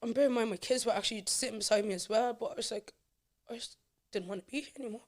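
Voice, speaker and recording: A woman's voice: a little high, fast talker, a little mellow. Candid Irish woman telling her story. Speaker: guest. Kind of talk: personal life story in a podcast interview.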